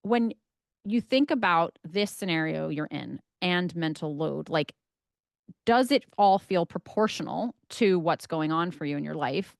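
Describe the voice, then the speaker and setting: A woman's voice: lowish voice, dry recording, clean studio sound. A woman co-hosting a conversational podcast, asking thoughtful, probing questions with hesitant phrasing. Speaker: podcast co-host.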